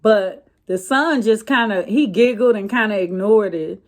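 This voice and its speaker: A woman's voice: mid-range voice, unhurried. A woman vlogger telling a story in a casual, chatty way, with many fillers and restarts.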